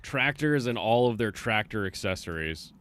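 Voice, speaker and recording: A man's voice: on the low side, normal speed. A man hosting a stream, chatting casually while playing a game and cracking jokes. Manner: joking, animated retelling. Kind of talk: casual chat while gaming.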